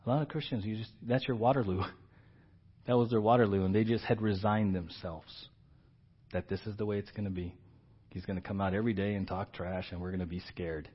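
In a slightly muffled recording, a middle-aged pastor speaks fairly quickly in a low, slightly rough voice with fairly even intonation. His sermon is conversational, dotted with "right?", and he acts out quoted characters with large shifts in volume.

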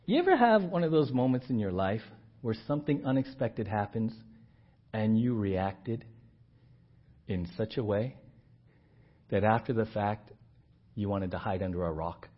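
A pastor preaches an unhurried sermon with frequent pauses, animatedly acting out the scripture voices in big swings of pitch and volume. He keeps putting questions to his congregation and checking in with "right?", all captured in dull, lo-fi church audio.

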